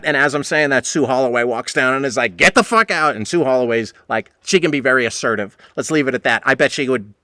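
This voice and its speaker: A man's voice: medium pitch, quick pace, hardly any pauses, no echo, studio quality. A middle-aged man, hosting a podcast and telling a rambling, profane bar story, acting out the people in it. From New England, United States. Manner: animated, profane, acts out quoted voices.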